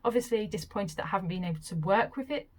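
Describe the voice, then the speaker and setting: A young woman, explaining a craft project in a casual, chatty vlog and gushing with excitement along the way. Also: mid-range voice, very fast. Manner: enthusiastic and chatty, with gushing asides. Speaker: crystal and crafts vlogger.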